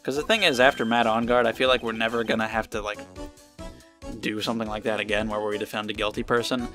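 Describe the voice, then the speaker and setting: A man's voice: lowish voice, flat delivery, fast, over music. A young man in his twenties casually commenting on a game he plays, rambling and self-deprecating as he thinks aloud. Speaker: let's play host. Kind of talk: casual let's play commentary and reading.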